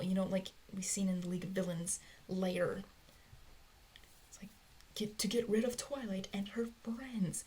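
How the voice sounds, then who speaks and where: Brief: woman, mid pitch, rambling self-talk, slips into whispers. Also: normal speed. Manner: rambling, often drops to a whisper. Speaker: fan theorist. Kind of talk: thinking aloud to herself. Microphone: close mic, recorded alone.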